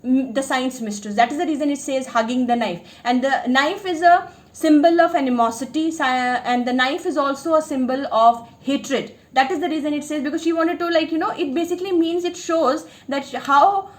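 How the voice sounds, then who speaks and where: A woman teaches English literature, walking through a short story line by line. Her voice sits high and she talks fast, piling up fillers and restarting her sentences as she explains.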